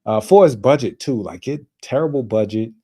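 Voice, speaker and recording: A man's voice: mid-range voice, lively intonation, a little fast, mellow, slightly rough. A man from New York co-hosting a casual movie talk show, rambling with many restarts and filler words. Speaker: co-host. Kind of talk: casual chat.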